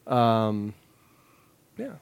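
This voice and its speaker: An easygoing podcast co-host chats casually and steers the conversation along. The voice sits at a middle pitch. A faint hiss of noise runs underneath. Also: sing-song, drawn-out words, vocal fry. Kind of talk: casual chat.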